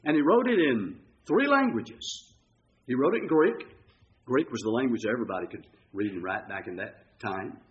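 Animated preacher man, lo-fi sound. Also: mid-range voice, normal speed. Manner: lively storytelling preaching, dramatizing quotes. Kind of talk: sermon. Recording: dull lo-fi recording.

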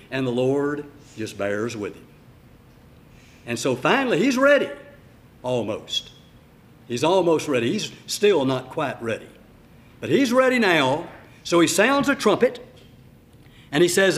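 An older man delivers a storytelling sermon, his slightly high voice leaping and falling with lively pitch. He swings between loud, ringing lines and hushed asides. The sound carries the echo of a roomy church. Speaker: pastor. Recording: echoey room.

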